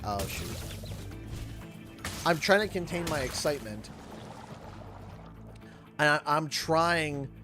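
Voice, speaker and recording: A man with a Canadian accent, chatting casually while streaming a game, telling rambling stories with frequent laughter and restarts. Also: a little high. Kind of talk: casual chat while gaming.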